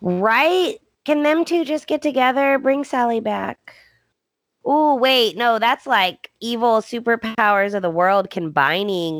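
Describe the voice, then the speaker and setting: A woman's voice: fairly high pitch, unhurried, no echo. Chatty woman on a dry podcast mic. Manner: chatty, joking, with frequent fillers. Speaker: podcast co-host. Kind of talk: casual chat recapping a soap opera.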